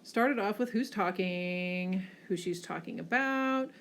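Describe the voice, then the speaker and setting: A woman teacher giving a classroom lecture over slides, often checking in with a quick "okay?" and pushing hard on key words. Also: lowish voice, slight background noise. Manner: frequent checking "okay?" tags, lively emphasis.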